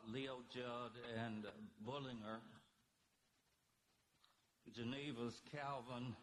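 A man giving an unscripted history lecture, halting often with fillers. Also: mid-range voice, fairly bright tone, a little hiss or hum, poor audio. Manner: halting, many fillers and pauses.

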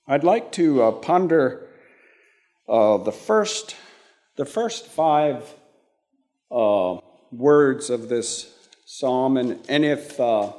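A man giving an interactive sermon, halting and repeating words as he asks the congregation questions. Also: medium pitch, a little mellow. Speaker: preacher.

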